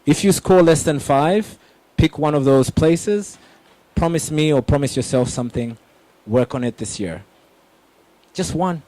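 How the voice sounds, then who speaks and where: A young man giving an energetic motivational talk on public speaking, addressing the audience directly with emphatic questions. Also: on the high side, unhurried, pauses often, no echo.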